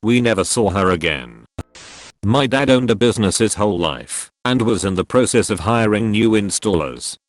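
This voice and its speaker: A man narrating forum stories in a steady, even scripted read. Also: lowish voice, moderate pace, no room sound.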